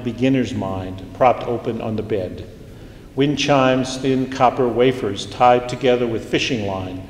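Male author at a reading, measured delivery, roomy reverberant hall. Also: medium pitch. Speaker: author reading his fiction. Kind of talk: literary reading aloud. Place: lecture hall.

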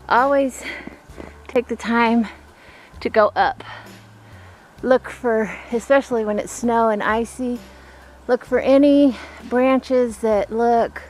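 A woman chatting to herself on a snowy outdoor vlog, breathless and laughing often. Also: medium pitch. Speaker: vlogger. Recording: noisy outdoor recording.

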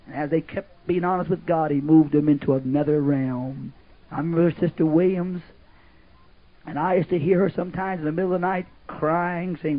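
A man's voice: a little high, steady tone, a little fast. An older man preaching a folksy, rambling sermon at a camp meeting. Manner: folksy, rambling, sudden shouts and laughs. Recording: muffled lo-fi old tape, narrow band.

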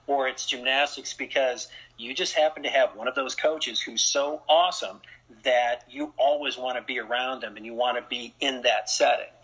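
A man who works as a strength and conditioning coach, a guest in an interview, explaining his views in a measured way. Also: mid-range voice, pushed and bright, slightly rough. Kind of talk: interview conversation. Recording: dull lo-fi sound.

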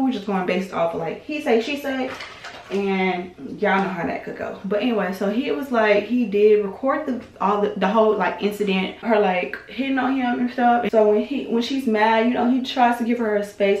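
A young woman recaps online gossip in a loose, chatty way. She leans on "like" and "you know" and stops to hedge her claims. Her mid-pitched voice bounces around an echoey room. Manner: chatty, filler-heavy, hedging with "allegedly". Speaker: vlogger recapping online drama. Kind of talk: casual gossip commentary.

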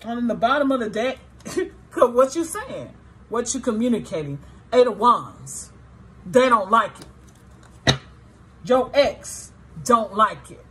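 A fairly high-voiced woman giving a tarot reading straight to her viewers. She is blunt and profane, and her tone stays emotionally charged throughout, moving between sorrow and indignation. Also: animated, takes it slowly, long pauses, fairly bright tone, slight background noise. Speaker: tarot reader.

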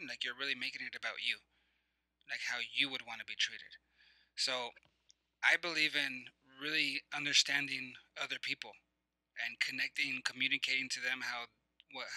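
Bright-voiced man coaching listeners. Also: medium pitch, no echo, low-quality recording. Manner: repetitive, guiding listeners with questions and breathing cues; conversational with many fillers and restarts. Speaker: motivational coach. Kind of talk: motivational teaching talk.

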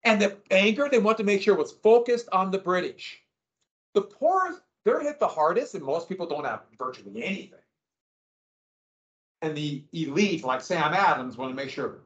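A man teaching a history class, lecturing in an animated way and quizzing his students as he goes. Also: a little high, normal speed. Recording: echoey room, dull lo-fi sound.

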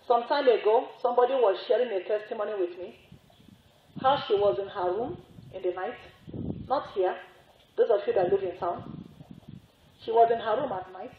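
A religious sister giving a sermon, telling a story with repetition and emphatic rising exclamations. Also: female voice, medium pitch, normal speed, long pauses, slight background noise. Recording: echoey, phone-like narrow sound.

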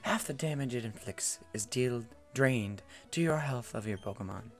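A gentle young woman gym leader, soft and polite, speaking formally, as a man puts her on. Her voice sits a little higher and quieter than his own. It is heard through a headset mic. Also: moderate pace, faint music behind, natural voice.

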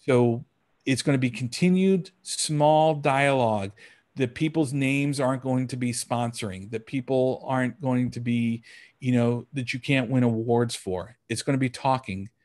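A man's voice: mid-range voice, darkish tone. Earnest man telling a story. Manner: earnest, reflective, with frequent restarts and pauses. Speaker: guest speaker. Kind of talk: storytelling talk to an online audience. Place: home, on a video call.

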